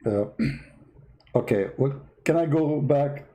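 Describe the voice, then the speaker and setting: A man's voice: medium pitch, slow, dark tone. A man from the Middle East hosting comic religious commentary in a sarcastic, mock-dramatic way. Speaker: host.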